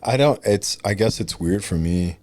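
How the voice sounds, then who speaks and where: Deep-voiced hesitant man in dry studio sound. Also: normal speed, a little mellow, no room sound. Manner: hesitant, restarts, laughs. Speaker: podcast co-host. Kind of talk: casual marriage chat.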